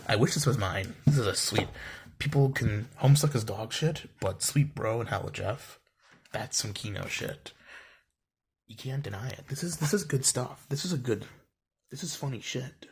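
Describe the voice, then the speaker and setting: Husky and animated, a young man's medium-pitched voice runs at normal speed as he casually shows viewers his book collection. He rambles with lots of fillers and wry asides from a home room with bookshelves.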